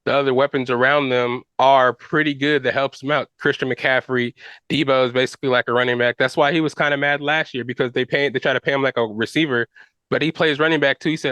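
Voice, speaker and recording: A man's voice: mid-range voice, quick pace, clean tone, no room sound. Man chatting casually about football. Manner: animated, slangy, fillers and restarts. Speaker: podcast host. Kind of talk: casual sports chat.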